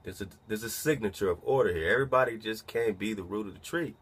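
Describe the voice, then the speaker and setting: Husky low-voiced man musing aloud. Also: fairly bright tone. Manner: muses aloud, asks rhetorical questions, reads slowly then comments. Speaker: commentator reading a document aloud. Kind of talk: casual commentary on a document.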